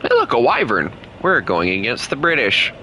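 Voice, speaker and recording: A man's voice: medium pitch, moderate pace, gravelly, slight background noise, low-quality recording. A man giving casual, joking commentary while playing a game with a friend. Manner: joking, animated banter with a friend. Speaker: gaming streamer.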